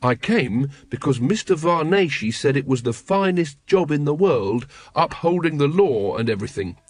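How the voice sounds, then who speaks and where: A man's voice: fairly high pitch, animated, moderate pace, close to an everyday voice. A man voicing a naive, eager young watch recruit who is earnest and puzzled. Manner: earnest, wide-eyed and puzzled.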